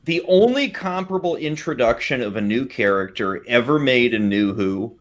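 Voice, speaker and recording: A man's voice: medium pitch, animated, normal speed, a little hiss or hum. Laid-back joking man on a podcast. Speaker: podcast panelist. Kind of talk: casual group chat.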